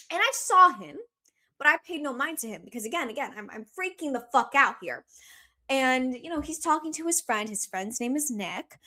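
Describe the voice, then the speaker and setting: A woman's voice: fairly high pitch, bright, forceful tone. A young woman telling a story in casual chat as a podcast guest, chatty and profane, full of "like" and "okay".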